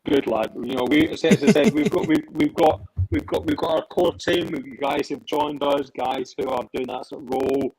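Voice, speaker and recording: A man's voice: fairly high pitch, steady tone, moderate pace, hardly any pauses, crowd noise, poor audio. A man chatting casually on a podcast about running an event, often repeating himself as he starts sentences. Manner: rambling, repeats words when starting sentences. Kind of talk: casual chat.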